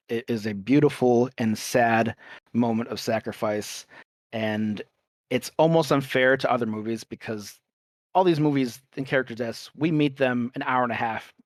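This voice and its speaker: A young man in easygoing podcast conversation, eager and a little rambling, with the odd casual curse word. His pitch sits in an ordinary middle range. The sound is dry and close, with no room echo. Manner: enthusiastic, rambling, swears casually. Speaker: podcast co-host.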